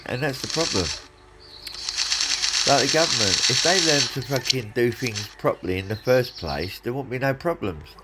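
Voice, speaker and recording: A man's voice: mid-range voice, expressive, normal speed. Swearing man ranting. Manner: angry, sweary, repetitive ranting. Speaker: father ranting to his son. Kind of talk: casual rant. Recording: noisy background.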